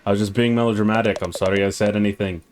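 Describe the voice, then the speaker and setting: A man's voice: on the low side, little pitch movement, racing, slight background noise, lightly acted. Man putting on a gloomy Scottish-sounding crab drifter. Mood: pleading. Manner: mock Scottish sailor accent, melodramatic. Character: gloomy self-pitying male crab drifter.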